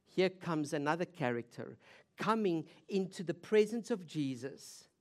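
A woman preacher tells a story vividly in her sermon, posing rhetorical questions and swinging from loud emphasis to hushed intensity. Her voice is lowish and expressive, and she takes her time.

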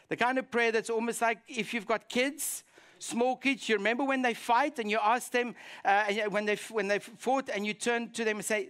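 A man's voice: very high voice, moderate pace, smooth. A man preaching a sermon as a pastor, telling a Bible story and acting out the prayers in it. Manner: animated storytelling, acts out quoted prayers.

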